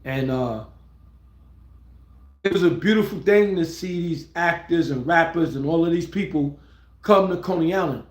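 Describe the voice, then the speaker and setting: A middle-aged man live-streaming a casual story, rambling and excitable, often restarting his words and swearing freely. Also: a little high, normal speed, long pauses. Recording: roomy echo.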